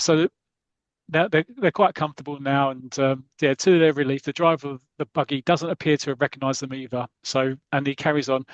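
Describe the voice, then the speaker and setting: A man hosting a podcast, casually retelling a comic story with lively energy and plenty of restarts. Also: medium pitch, brisk, no echo, highs cut off. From Britain. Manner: lively, recounts the comic scene by scene with many restarts. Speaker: podcast host.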